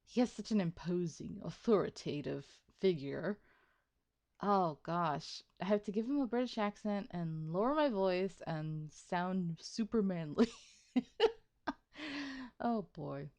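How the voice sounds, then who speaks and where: A woman's voice: fairly low pitch, expressive, slow, darkish tone. A woman giving casual, chatty commentary on a game playthrough, musing aloud and laughing often. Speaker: gamer, let's play host.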